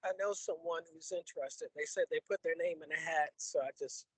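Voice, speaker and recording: A man calls in by phone and asks his question informally, apologizing and restarting his sentences. His voice sits high, and the sound is dry and close to the phone. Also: brisk, a bit bright, slightly rough, no echo. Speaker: caller joining a meeting by phone. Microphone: phone held close.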